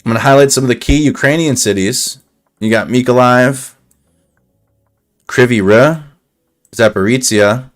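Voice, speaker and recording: A man's voice: mid-range voice, unhurried, long pauses. A man giving casual live commentary on war news over a map, thinking aloud with restarts and a slightly dry throat.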